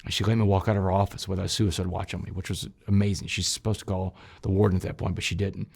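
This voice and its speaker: A man telling his personal story in an interview, shifting from loud, emphatic bursts to quiet, low passages and speaking straight to his listeners. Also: flat delivery, fast, gravelly, breathy edge. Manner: addresses listeners directly as "y'all". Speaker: interview guest recounting his past.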